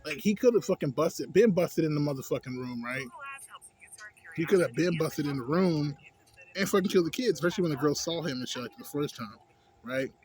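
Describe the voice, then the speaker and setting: A man's voice: on the high side, lively intonation, brisk, a little hiss or hum. A man casually rambling through a movie review, slangy and profane, full of filler tags. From a city. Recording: music playing loudly behind.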